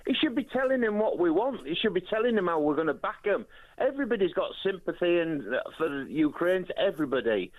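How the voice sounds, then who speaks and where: A man's voice: high-pitched, animated, quick pace, narrow, tinny audio. A man from East Yorkshire calling into a radio phone-in, blunt and opinionated, with hesitant fillers. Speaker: caller. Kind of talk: phone-in call.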